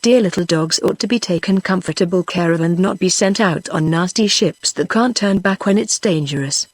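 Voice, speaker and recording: A woman's voice: fairly low pitch, moderate pace, no echo, lightly acted. A text-to-speech woman voice reading the lines of a small, gushing, affectionate female pet dog. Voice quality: even synthetic voice.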